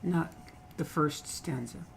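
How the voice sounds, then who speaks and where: A man's voice: fairly high pitch, slow, gravelly, a little hiss or hum, poor audio. A man teaching literature, explaining a poem line by line, repeating phrases and often checking in with "okay?".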